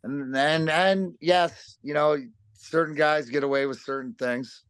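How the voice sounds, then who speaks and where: A man's voice: fairly high pitch, a little slow, clean tone, dry recording. A man in his fifties, a former pro hockey player, telling stories as a podcast guest, cursing freely and restarting his sentences. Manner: swearing, rambling with restarts, animated. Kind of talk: casual storytelling chat.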